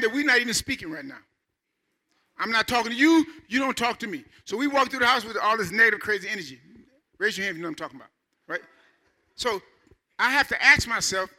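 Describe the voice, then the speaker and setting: Middle-aged male pastor, chatty preaching that climbs to shouts, high tense tone. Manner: animated, conversational preaching with rising shouts. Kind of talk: sermon.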